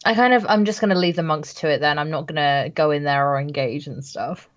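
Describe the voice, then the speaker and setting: A woman playing in a tabletop game, talking in a hesitant, relaxed way with many fillers. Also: deep voice, a little fast, highs cut off. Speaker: player. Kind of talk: casual tabletop game play.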